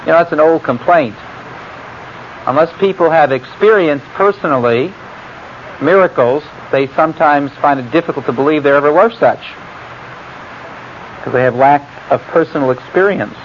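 A man's voice: a little high, moderate pace, pauses often. A man giving an informal Bible lecture, talking in a digressive, conversational way with asides and fillers. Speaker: Bible teacher. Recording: muffled lo-fi recording with faint hiss.

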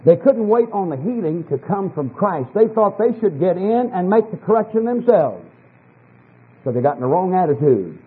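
A man preaching a sermon, emphatic, dropping to low asides and rising to fervent scripture reading, on an old archival sermon tape. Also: very animated, normal speed, slightly rough, narrow, tinny audio.

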